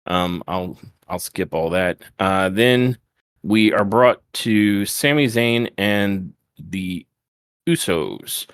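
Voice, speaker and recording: A man's voice: deep voice, lively intonation, slow pace, smooth, dry recording. A man hosting a podcast, casually recapping a wrestling show step by step on a close mic. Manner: retells events step by step, quoting wrestlers. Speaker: podcast host.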